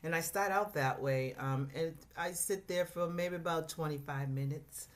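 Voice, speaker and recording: Low-voiced woman telling her story at church, lots of ums, stops and restarts. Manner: halting, reflective, many fillers and restarts. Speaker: congregation member sharing testimony. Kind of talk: personal testimony in church discussion.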